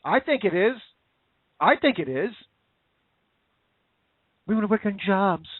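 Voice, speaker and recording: High-pitched ranting man, tinny sound. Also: animated, measured pace, no echo. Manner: angry, sarcastic, mocking. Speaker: podcast host. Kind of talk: ranting political commentary. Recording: tinny phone-like dry audio.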